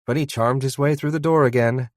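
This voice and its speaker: A man's voice: medium pitch, fairly even intonation, fairly quick, no echo, voice pushed up, close to an everyday voice. A man voicing a grown woman who teases an old friend in a light, dry way, in an audiobook. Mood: teasing. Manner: light, teasing.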